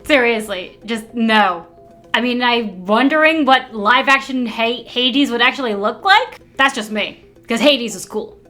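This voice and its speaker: Woman cohost, high bright voice, snarky quick comebacks, soft music behind. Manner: sarcastic, quick quips. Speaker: podcast co-host. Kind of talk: casual chat.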